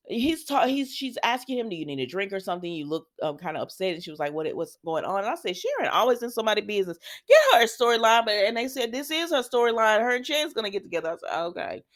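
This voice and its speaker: Brief: woman, casual soap recap vlogger, opinionated, chatty, lots of ums and you-knows. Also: fairly low pitch. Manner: chatty, opinionated, frequent fillers like um and you know. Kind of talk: casual episode recap with commentary.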